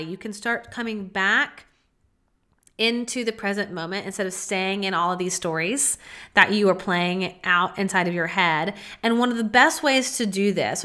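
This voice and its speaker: A woman hosting a solo podcast from her home office, coaching listeners in a gentle, casual way with plenty of "like" and "you know.". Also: medium pitch. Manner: gentle, coaching, speaks softly when modeling self-talk. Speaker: podcast host. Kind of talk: solo podcast monologue on mindfulness.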